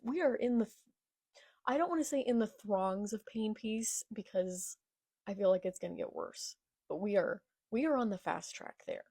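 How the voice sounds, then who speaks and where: A young woman reading a manga aloud and reacting live, excitable, with gasps and whispered asides. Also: medium pitch, moderate pace, vocal fry, breathy edge, no room sound, clean studio sound.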